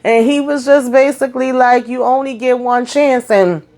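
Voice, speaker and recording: Lively woman doing a tv recap, fairly high voice, chatty, talks right to her viewers. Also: normal speed. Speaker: TV recap host. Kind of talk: casual episode recap.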